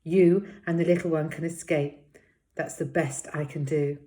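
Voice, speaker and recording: A woman's voice: low voice, fairly even intonation, slow. A woman voicing a shaken widowed lady rabbit. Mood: shaky. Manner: quiet, shaky and near tears. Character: frightened noble lady rabbit, a chieftain's widow.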